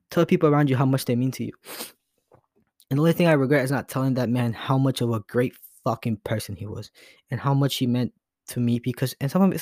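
A man's voice: mid-range voice, no room sound. Earnest young man rambling, dry close sound. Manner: rambling and earnest, with many restarts and fillers. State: emotional, voice breaking at times. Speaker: podcast host. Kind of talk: casual solo podcast monologue.

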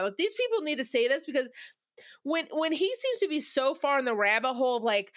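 A bright, fairly high-voiced woman chats casually as a podcast co-host. She is animated and outspoken, swears freely and slips into exaggerated voices to mock people. The sound is close and dry. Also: brisk, dry recording. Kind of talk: casual chat.

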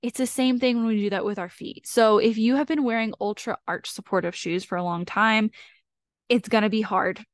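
A woman's voice: mid-range voice, steady tone, normal speed, dry recording. A woman hosting a solo podcast, explaining casually and asking herself rhetorical questions. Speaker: podcast host.

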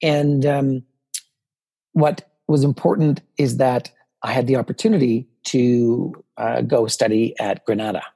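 Guy in his 50s, slightly husky voice, middle pitch, tells stories and does everyone's lines. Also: measured pace. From Canada. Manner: animated storyteller, acts out quoted dialogue. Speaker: podcast guest, politician. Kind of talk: personal storytelling in a podcast interview.

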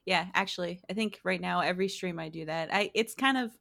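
A woman's voice: fairly low pitch, fairly quick, creaky, a bit bright, dry recording, studio quality. A woman being interviewed about her streaming, chatting casually, laughing often and restarting her sentences. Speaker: streamer guest.

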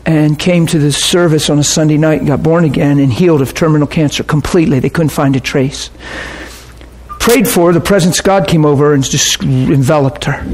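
A middle-aged pastor tells a story during a sermon in a slightly high voice. He preaches with animation and breaks into shouts whenever he gets worked up.

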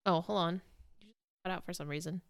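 A woman's voice: lowish voice, fairly even intonation, fast talker, smooth, no room sound, clean studio sound. A woman co-hosting a casual discussion, asking follow-up questions and using "like" often. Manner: questioning, says "like" a lot.

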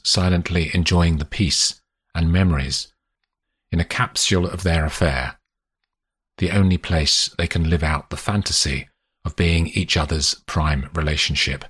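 A man narrating an audiobook in a measured, lilting storytelling manner. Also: low-pitched, a bit bright, breathy edge, dry recording, clean studio sound. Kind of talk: scripted narration.

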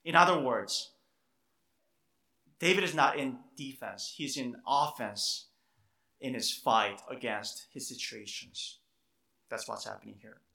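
A man's voice: mid-range voice, takes it slowly, creaky, pauses often, sharp tone, roomy sound. A man preaching a sermon, earnest and emphatic, often repeating words as he stresses a point. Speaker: pastor.

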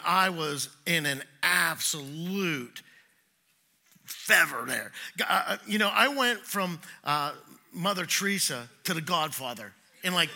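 Bright-voiced man preaching a sermon. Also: on the high side. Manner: animated storytelling, acts out quoted voices, swings between loud and hushed. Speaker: pastor. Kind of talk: sermon with personal stories.

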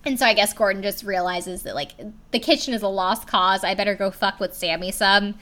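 A woman's voice: mid-range voice, steady tone, a little fast, a bit bright. A young woman casually recapping a story, filling her talk with "like" and dropping the odd swear word. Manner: chatty, lots of "like" fillers, casual swearing. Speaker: video recapper.

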